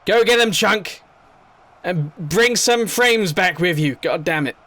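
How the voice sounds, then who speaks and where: A man giving casual gameplay commentary, talking to the units on screen and swinging between excited shouting and low mumbling. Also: slow pace.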